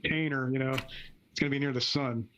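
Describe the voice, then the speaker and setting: A man's voice: medium pitch, fairly even intonation, fairly quick, a bit bright, a little hiss or hum. Man, casual guest chat, rambling, fillers, dull lo-fi sound. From Pennsylvania. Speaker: ramp maker guest.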